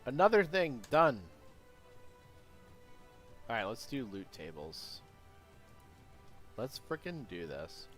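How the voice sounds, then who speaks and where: A man live-streaming his game programming, chatting casually and talking to himself, with sudden excited outbursts. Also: medium pitch, slow pace, long pauses, faint music behind. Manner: rambling, self-talk with sudden excited outbursts. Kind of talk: casual live-stream chat while coding.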